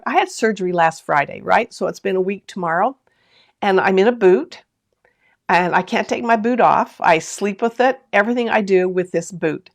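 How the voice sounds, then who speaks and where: A woman hosting a sewing live stream from home, chatting to viewers, reading out their comments and laughing often as she tells a story. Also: medium pitch. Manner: talks straight to viewers with lots of asides and questions. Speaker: sewing channel host.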